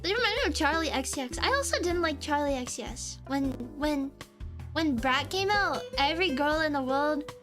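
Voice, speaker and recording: A woman's voice: high-pitched, lively intonation, moderate pace, fairly bright tone. A young woman streaming as a VTuber, ranting sarcastically about songs she dislikes and swearing as she reacts. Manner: ranting, sarcastic, swears, hums along mockingly. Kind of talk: casual stream reaction rant. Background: pop music playing.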